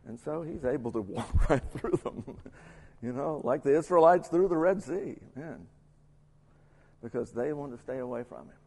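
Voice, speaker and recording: A man's voice: fairly high pitch, moderate pace, darkish tone. A man giving a sermon-style Bible lesson, reading scripture aloud and adding his own asides. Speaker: pastor or Bible teacher. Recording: long hall reverb.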